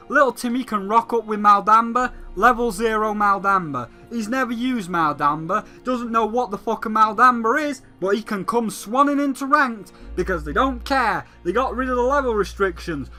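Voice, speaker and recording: A man with a high, sharp, forceful voice rants as a gaming commentator. He is profane and sarcastic throughout. Faint music plays behind him.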